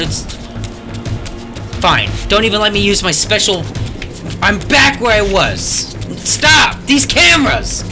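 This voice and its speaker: Animated, high-voiced frustrated gamer man. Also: measured pace. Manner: frustrated, sarcastic, yells at the game. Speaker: let's play gamer. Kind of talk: gameplay commentary. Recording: game music behind the voice. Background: game music.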